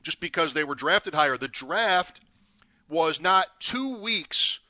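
A man's voice: on the high side, expressive, slow, pushed and bright, dry recording. A man co-hosting a sports talk show, chatting casually about a bet and teasing out the payout. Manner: builds suspense, teasing. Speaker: co-host. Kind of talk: sports betting radio chat.

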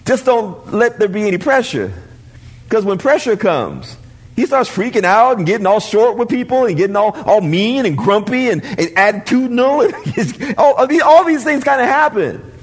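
A male pastor preaching a sermon to his congregation in church, animated, often repeating and restarting words. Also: very high voice, normal speed, slightly rough.

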